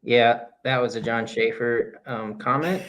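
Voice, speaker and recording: A man's voice: medium pitch, steady tone, unhurried, heavy background noise. A man co-hosting a podcast in easygoing chat, with a mid-range voice. He talks in a laid-back way and stops and restarts his sentences as he thinks. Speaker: podcast co-host.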